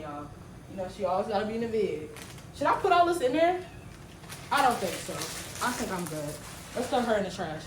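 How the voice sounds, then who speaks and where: A woman in her twenties telling a slangy, animated story while she cooks in her kitchen. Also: a little high, slight background noise. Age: 20s. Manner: animated, slangy, swings loud when retelling. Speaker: vlogger. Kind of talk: storytime vlog while cooking. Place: home kitchen. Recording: echoey room, mic at a distance.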